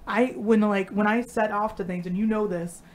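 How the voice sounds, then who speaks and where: A woman's voice: mid-range voice, normal speed. Blunt, swearing woman chatting on stream. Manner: blunt, swears freely, animated storytelling. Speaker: co-host. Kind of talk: casual chat on a live stream.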